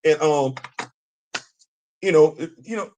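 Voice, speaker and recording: Middle-aged guy hosting a livestream, kinda high voice, riffs and repeats himself a lot. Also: slow, lo-fi sound, a little hiss or hum. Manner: animated, talks back to chat, repeats himself for emphasis. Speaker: show host. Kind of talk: casual livestream commentary.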